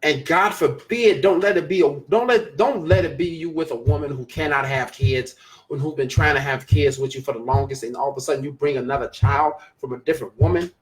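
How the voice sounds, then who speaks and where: A man's voice: on the high side, a little fast. A man hosting a casual live-stream show, talking emphatically and repeating phrases for stress as he reads viewer comments.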